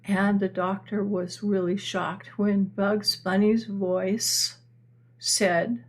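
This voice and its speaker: A woman's voice: medium pitch, little pitch movement, slow. An older woman hosting an astrology live stream, telling a long story in a chatty, meandering way with many restarts and answering viewer comments. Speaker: astrology channel host.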